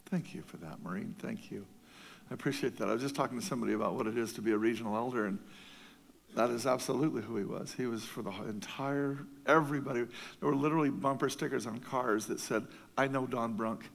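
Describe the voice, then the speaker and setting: A man's voice: medium pitch, fast talker, gravelly, long reverb tail, a little hiss or hum. A man preaching a sermon to his church, earnest and emphatic, repeating key phrases for stress. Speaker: pastor.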